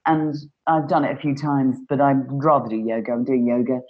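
A woman recalling her start in performing, speaking earnestly and reflectively in a relaxed conversation. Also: extremely low pitch, brisk, lo-fi sound. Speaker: panel guest, performer. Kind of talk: casual conversation. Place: home during lockdown.

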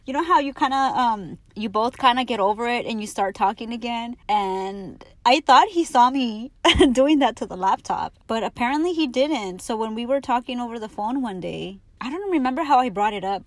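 A woman's voice: a little high, expressive, fairly quick, dry recording. A young adult woman hosting her podcast, telling candid stories in a casual, profane way and laughing often. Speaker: podcast host. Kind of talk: casual storytelling monologue.

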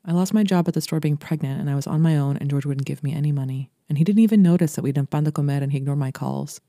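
A podcast host and writer from Brooklyn, New York, reads a literary short story in a steady, intimate manner. Her deep, mellow voice moves briskly through the sentences. The recording is dry and close, with no room sound and no echo.

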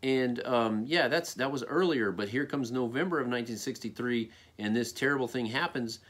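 A man's voice: mid-range voice, normal speed, fairly bright tone. An American man giving a casual spoken opinion monologue, rambling with many fillers and checking in with "okay?". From United States. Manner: rambling, frequent "okay?" and "you know" fillers.

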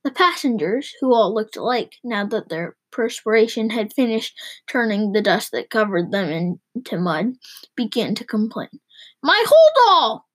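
A woman reading a novel aloud with lively, expressive storytelling. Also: medium pitch, moderate pace, slightly rough, rough recording. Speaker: reader.

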